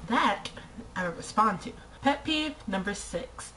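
A young woman vlogging casually to camera in an animated, exasperated way. She fills her sentences with "like" and fires off rhetorical questions, in a voice of medium pitch. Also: unhurried, music in the background, rough recording. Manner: frequent "like" fillers.

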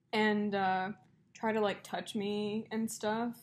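A woman's voice: medium pitch, little pitch movement, slow. A young woman co-hosting a podcast, telling long stories in a casual chat, with plenty of fillers. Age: young adult. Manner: chatty storyteller, many fillers and likes. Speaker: podcast co-host.

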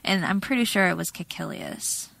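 A woman co-hosting a podcast in casual chat, measured and explanatory, laughing easily. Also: fairly low pitch, creaky, fairly bright tone, rough recording. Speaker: podcast co-host.

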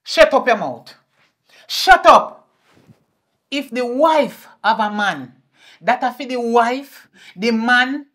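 Woman acting as a fierce Jamaican mother, scolding, loud then muttering, mid-pitched voice. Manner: scolding, swings between shouting and muttering. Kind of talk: indie film acting.

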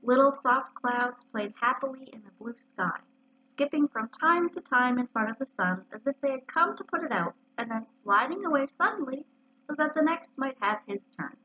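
A woman, a librarian, reading a children's story aloud in an expressive storytelling way, on a muffled lo-fi recording. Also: high voice, moderate pace, husky.

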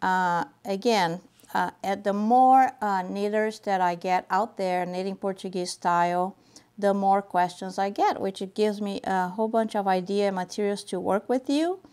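Slow, patient woman teaching knitting. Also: mid-range voice, steady tone, darkish tone, smooth. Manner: patient, repeats steps slowly while demonstrating. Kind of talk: step-by-step craft tutorial.

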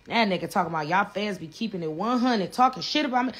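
A woman's voice: mid-range voice, lively intonation, fast, few pauses, fairly bright tone. A woman, a reality show cast member, ranting on a livestream in a blunt, profane way and repeating herself. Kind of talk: heated livestream rant.

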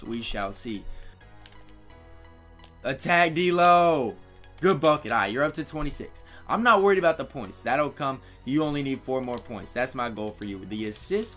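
Excitable man commentating his own game. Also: mid-range voice. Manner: excitable, talks to players on screen. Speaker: gaming YouTuber. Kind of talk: live gameplay commentary.

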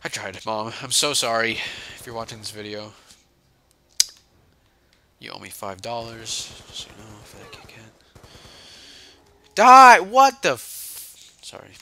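Joking young man gaming, bright gravelly voice. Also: lowish voice, little pitch movement, normal speed, pauses often. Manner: joking, sarcastic, swings between mumbling and yelling. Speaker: gaming channel host. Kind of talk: casual gameplay commentary.

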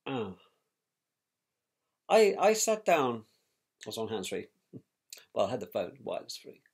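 A middle-aged man, recalling a painful family event in a measured, reflective way with pauses and restarts. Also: medium pitch, big pitch swings, husky. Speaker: interviewee, victim's brother. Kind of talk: personal recollection.

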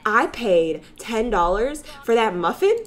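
A woman's voice: a little high, expressive, a little slow. A woman voicing a confrontational, indignant young woman in a game who wants her money back. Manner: huffy and confrontational.

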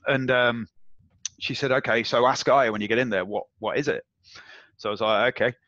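A man being interviewed, telling a personal story in a casual, animated way and acting out the voices of others. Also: medium pitch, brisk, no echo. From England. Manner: animated, acts out quoted voices, swears and laughs. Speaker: interview guest. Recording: dull, dry audio.

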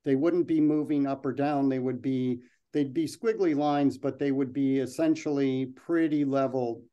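A man's voice: medium pitch, fairly even intonation, normal speed, warm tone, dull audio. A man giving a slide presentation and then answering questions, talking loosely with frequent ums and restarts.

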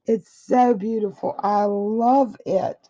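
A woman's voice: medium pitch, steady tone, takes it slowly, dark tone. A woman crafter in a casual unboxing chat, gushing with effusive praise while her throat is a little dry. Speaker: craft vlogger opening happy mail. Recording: dull lo-fi audio.

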